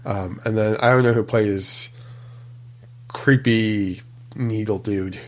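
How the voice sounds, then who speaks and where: A man's voice: fairly low pitch, fairly even intonation, takes it slowly. A man co-hosting a casual podcast chat, talking in a loose way full of ums and uhs. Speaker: podcast co-host.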